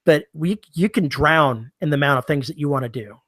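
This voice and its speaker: A man with a fairly high voice co-hosts a casual podcast. He teases his partner and pokes fun at himself in a wry tone. The studio mic gives a close, dry sound. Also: fairly quick, a bit bright, dry recording. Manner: wry, self-deprecating, teasing. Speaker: podcast co-host.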